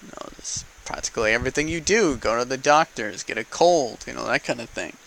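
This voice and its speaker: Man, casual opinion monologue, argumentative, bright forceful voice, faint room hiss. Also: mid-range voice, fairly quick, rough recording. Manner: argumentative, repeats rhetorical "okay?" and "right?". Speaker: vlogger speaking to camera.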